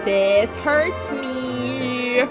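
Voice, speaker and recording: A woman's voice: high voice, very slow, loud music behind the voice. A young woman streaming a video game, who reacts emotionally, laughing and tearing up as she plays. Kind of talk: live gameplay reaction stream.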